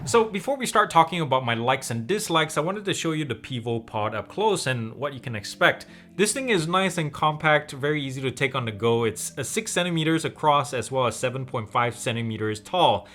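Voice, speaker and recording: A man's voice: mid-range voice, expressive, a little fast, hardly any pauses, fairly bright tone, faint music behind. A man from Malaysia hosting a tech show, walking through a product in a chatty, explanatory way. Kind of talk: casual product review.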